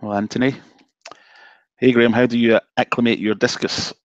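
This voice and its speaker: A man's voice: medium pitch, level tone, normal speed, highs cut off. A Scottish man from south of Glasgow, a guest fishkeeper chatting relaxedly on a live stream from his home office, self-deprecating and easygoing. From Scotland, south of Glasgow. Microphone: video call.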